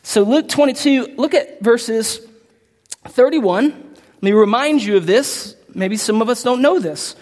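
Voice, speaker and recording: A preacher with a medium-pitched, slightly mellow, animated voice speaks a little slowly, giving an emphatic, impassioned sermon to a congregation in a large hall. He reads scripture aloud, occasionally tripping over words, amid long hall reverb.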